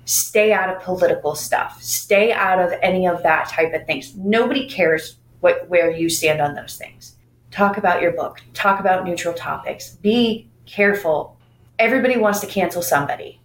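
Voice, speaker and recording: A woman's voice: fairly low pitch, normal speed, reverberant, poor audio. A woman co-hosting a podcast about books, giving emphatic, direct advice to fellow authors in casual chat.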